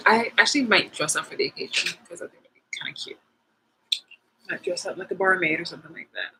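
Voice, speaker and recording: A woman's voice: lowish voice, sing-song, brisk, noisy background. A woman vlogger chatting casually to her viewers, rambling and frank, swearing freely.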